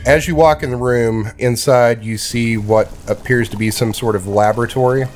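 A man's voice: mid-range voice, steady tone, moderate pace, darkish tone, faint music behind. A man narrating a tabletop game as game master, with frequent fillers.

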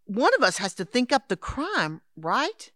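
Woman doing brisk scheming old lady in a radio play, lively pitch, dry sound. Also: no room sound, exaggerated voice. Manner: brisk, patronizing, calls others dear and darling. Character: scheming elderly woman, Henrietta, would-be crime writer. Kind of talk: audio drama acting.

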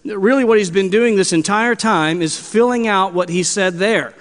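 A man's voice: high voice, normal speed, big-room sound. A male pastor preaching an expository sermon, teaching earnestly and repeating key words as he goes.

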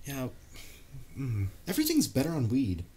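A married man in casual chat, animated, telling stories with lots of "like" and acting out what people said. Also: medium pitch, normal speed, husky. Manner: animated storyteller, lots of "like", acts out quotes.

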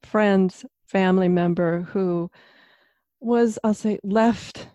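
A woman sharing anecdotes in a thoughtful, measured way during a conversation. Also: mid-range voice, steady tone, warm tone, no room sound. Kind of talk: casual conversation.

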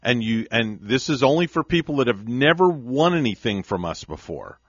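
A man's voice: mid-range voice, sing-song, no echo. A man hosting a morning radio show, talking casually and laughing easily with callers. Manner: upbeat, quick to laugh. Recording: muffled broadcast audio.

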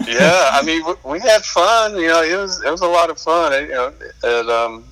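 A man's voice: fairly high pitch, moderate pace, fairly bright tone, rough recording. A man guest in a casual chat, talking hesitantly with many fillers and restarts.

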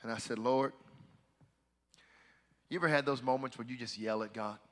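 A man preaching a sermon as pastor, swinging from hushed, quiet talk to loud, fervent shouting. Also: mid-range voice, rapid-fire, long reverb tail.

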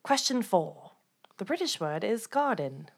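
A woman co-hosting a podcast who asks the quiz questions, brisk and matter-of-fact. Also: mid-range voice, very animated, breathy edge. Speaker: podcast co-host, quizmaster. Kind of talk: casual quiz chat.

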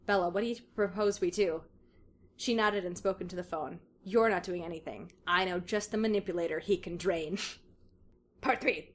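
A woman's voice: on the low side, normal speed. Woman reading aloud with laughs. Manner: reads dramatically, breaks into laughter. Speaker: podcast co-host reading fan fiction aloud. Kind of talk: casual comedic reading and chat.

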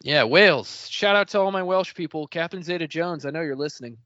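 A man from Texas co-hosting a podcast in casual chat, animated, playful and jokey. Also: a little high, brisk, a little hiss or hum. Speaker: podcast co-host. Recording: dry, muffled lo-fi audio.

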